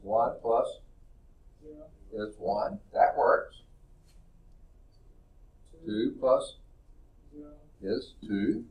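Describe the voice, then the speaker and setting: Male math instructor, classroom lecture, unhurried and deliberate, mid-pitched voice. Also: animated, darkish tone, husky. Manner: deliberate, stretches words while writing on the board.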